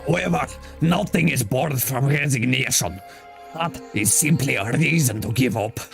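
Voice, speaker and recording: A man's voice: mid-range voice, moderate pace, gravelly, over music, close to an everyday voice. A man voicing a grandiose young game character who lectures his companions about survival. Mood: lofty. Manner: dramatic, lecturing, lofty. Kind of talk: reading game dialogue aloud.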